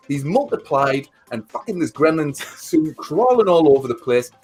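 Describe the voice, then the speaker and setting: A man's voice: a little high, sing-song, normal speed, hardly any pauses, a little mellow, slightly rough, soft background music. Sweary rambling man. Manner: sweary, rambling plot recap with quoted voices. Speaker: livestream co-host. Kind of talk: casual movie chat.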